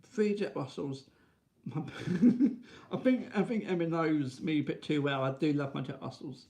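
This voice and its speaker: Rambling man with gravelly voice. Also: a little slow, a little mellow. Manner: rambling, restarts, frequent "right?"; high sing-song baby talk to his dog. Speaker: vlogger. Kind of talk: casual chat to camera.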